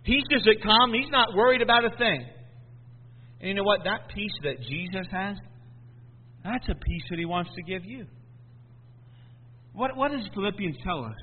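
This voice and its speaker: A man preaching a sermon, swinging between hushed and loud, often repeating and stumbling over words. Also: high voice, lively intonation, normal speed, pauses often, husky. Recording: tinny phone-like sound in a long echoing hall.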